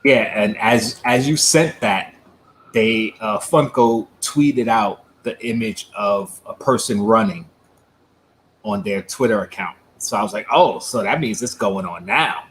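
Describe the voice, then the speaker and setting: A man co-hosting a livestream in relaxed, casual chat, laughing often, heard over a streaming video call. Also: lowish voice, measured pace, slight background noise, rough recording. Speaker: livestream co-host.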